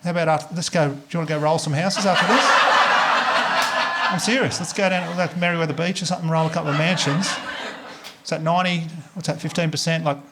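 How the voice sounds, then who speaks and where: Fast-talking Australian stand-up comedian. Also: male voice, on the high side, fairly even intonation, very noisy. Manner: fast storytelling with acted dialogue and swearing. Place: comedy club stage before a live audience.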